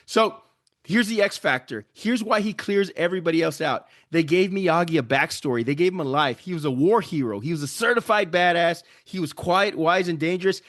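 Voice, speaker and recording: A man's voice: on the high side, a little fast, fairly bright tone, no room sound, clean studio sound. A man co-hosting a comedic movie debate podcast, making his case with jokes, hype and profanity. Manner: hyped, joking, profane. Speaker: podcast co-host.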